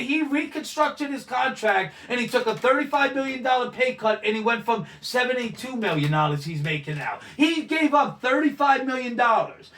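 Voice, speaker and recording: A man with a very high voice talks football in a heated debate, arguing loudly and interrupting often. He sits a little back from the microphone, so the sound sits a touch distant. Now and then he swears. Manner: argumentative, loud, interrupting, swears. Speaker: sports talk co-host.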